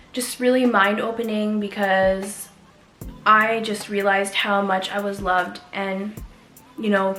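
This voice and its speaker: A young woman from Canada, vlogging to camera and telling her own story in an earnest, candid way with soft pauses. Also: medium pitch. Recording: echoey room with faint music.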